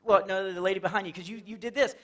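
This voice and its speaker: This man's high voice holds a steady tone at a fast clip. He's a Texan doing a playful, talkative comedy set for a live church crowd in a fellowship hall, and he keeps breaking into silly voices for his jokes.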